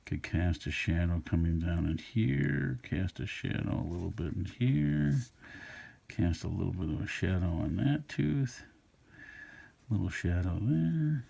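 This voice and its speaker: A middle-aged man with a low voice teaches a drawing lesson, musing aloud as he sketches. His tone is easygoing and unhurried, and his voice has a gravelly rasp. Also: animated, mellow. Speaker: art instructor. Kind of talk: relaxed drawing tutorial narration.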